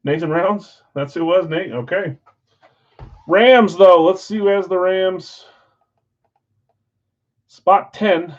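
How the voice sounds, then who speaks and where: A man hosting a live-streamed card break, chatting with viewers and calling out countdowns in an energetic, auctioneer-like way. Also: high-pitched, muffled recording. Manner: auctioneer-like rapid calls.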